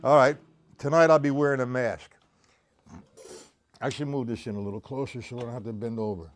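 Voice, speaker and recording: A man's voice: mid-range voice, steady tone, a little fast, loud music behind the voice. A man giving a live-streamed drum lesson, counting beats aloud and greeting his viewers between examples. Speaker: drum teacher. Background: drums played while talking.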